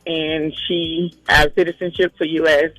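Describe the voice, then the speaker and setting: A man's voice: on the high side, little pitch movement, a little slow, sharp tone, no echo, soft background music, poor audio. A man calling in to a radio show, speaking earnestly and plainly. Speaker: caller.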